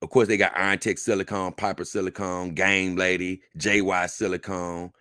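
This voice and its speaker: Bright, dry-voiced man hosting a stream. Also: deep voice, level tone, moderate pace, clear, resonant tone, no echo. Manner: reads lists aloud unhurriedly with asides. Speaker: livestream host. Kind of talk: casual livestream chat.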